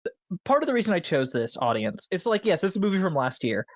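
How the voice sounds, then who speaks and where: A podcast host in loose film talk, eager and rambling, leaning on fillers as the thoughts tumble out. The voice sits at a middling pitch. The recording is dull and lo-fi, with a dry, close sound. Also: very animated, fast, no room sound. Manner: enthusiastic, rambling with many fillers. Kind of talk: casual film discussion.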